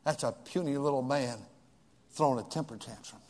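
A man, a pastor preaching a sermon in a church sanctuary. His delivery swings from shouted pleas to hushed, near-whispered prayer. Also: medium pitch, moderate pace. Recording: long hall reverb.

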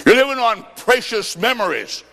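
A man preaching a sermon, telling stories and acting out both sides of a conversation, jokey and emphatic, swinging between loud and soft. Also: extremely high pitch, lively intonation, normal speed, big-room sound.

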